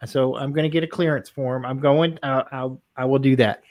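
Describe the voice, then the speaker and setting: A man's voice: medium pitch, steady tone, moderate pace, a little mellow. A man hosting a talk show, speaking candidly and a little hesitantly. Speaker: host. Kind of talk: casual conversation.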